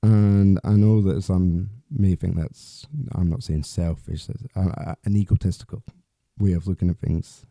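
A man's voice: low-pitched, steady tone, normal speed, mellow, dry recording, studio quality. A man hosting a solo podcast, talking in a rambling, candid way with restarts and the odd swear word. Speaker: podcast host.

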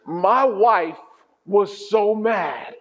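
Brief: pastor, man, very high voice, humorous story-led sermon, muffled lo-fi sound. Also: drawn-out words. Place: church hall. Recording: dull sound in a reverberant hall.

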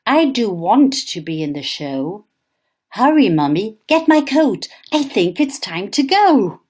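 A woman's voice: mid-range voice, sing-song, a little slow, a little mellow, breathy edge. A woman voicing a little girl who loves to say no, reading a children's poem. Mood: eager. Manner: stubborn, then cheerfully eager.

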